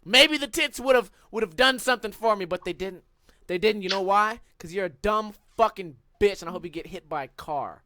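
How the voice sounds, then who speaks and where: A young man telling a story on a casual podcast, swearing and ranting with animated energy. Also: sits high, normal speed, dry recording. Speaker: podcast co-host.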